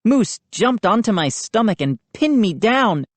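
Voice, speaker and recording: A woman reading a children's audiobook aloud at a slow, steady pace, her pitch moving lively through the lines. The reading is dry and close, with no room sound. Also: dry recording. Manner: expressive, unhurried reading. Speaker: audiobook reader. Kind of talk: scripted audiobook narration.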